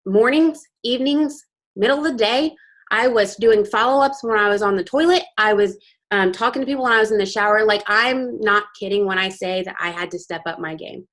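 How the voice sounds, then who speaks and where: A woman's voice: mid-range voice, a bit bright. A young woman speaking candidly and with emotion to her sales team over a video call, as a motivational guest speaker. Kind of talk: motivational team training talk.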